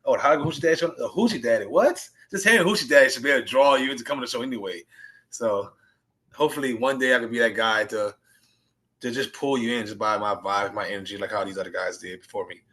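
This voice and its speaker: A young man, an indie wrestler, talking excitedly and rambling about his favorite matches in a casual interview. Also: fairly low pitch, fast. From US Gulf Coast. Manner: animated, rambling, excited storytelling.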